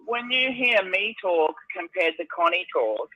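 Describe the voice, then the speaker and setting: A man's voice: high voice, sing-song, unhurried, sharp tone, rough recording. A man musing hesitantly in a casual group chat.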